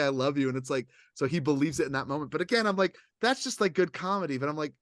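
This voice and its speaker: A man's voice: fairly high pitch, racing, hardly any pauses, no room sound, studio quality. A man co-hosting a casual chat, rambling and acting out what others said. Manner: animated, rambling, acts out others' lines. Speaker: podcast co-host.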